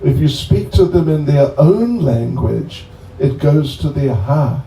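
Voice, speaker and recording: Speaking in a somewhat high yet creaky, dark voice, a man presents a guest to devotees at a bonfire gathering. He's chatty and jokey, rambling at a slow pace, and the audio is echoey and distant with faint ambient sound.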